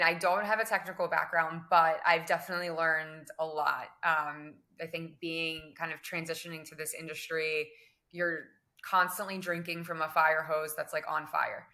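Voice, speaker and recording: A young woman talks through her career in a relaxed interview, weighing her words and hedging often. Her voice sits low and rather flat in pitch, but the tone is bright and forward. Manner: measured, many fillers and hedging phrases. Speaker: guest, crypto business development director. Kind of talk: conversational interview answers.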